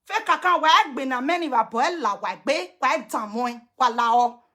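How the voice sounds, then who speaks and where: A woman's voice: high-pitched, animated, normal speed, sharp tone. A woman with a Nigerian Pidgin accent on a live video rant, combative and cursing, breaking into chanted curses. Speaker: social media personality.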